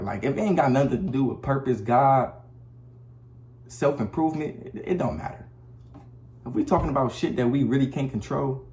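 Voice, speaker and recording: A man's voice: mid-range voice, darkish tone, reverberant. A man giving blunt, preachy relationship advice to the camera in a casual monologue, talking in slang and often repeating himself. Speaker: vlogger. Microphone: camera mic.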